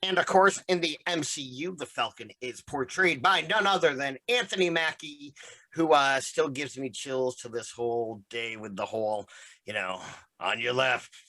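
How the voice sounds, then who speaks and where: A man's voice: mid-range voice, moderate pace, bright, forceful tone. A young man hosting a casual podcast, recapping a comic book issue in a rambling, profane, joking way. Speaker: podcast host.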